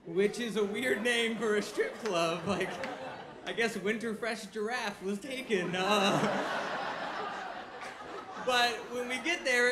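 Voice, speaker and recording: A young man telling a funny personal story on stage at a live show, self-mocking and laughing as he goes. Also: high voice. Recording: echoey live room with audience noise.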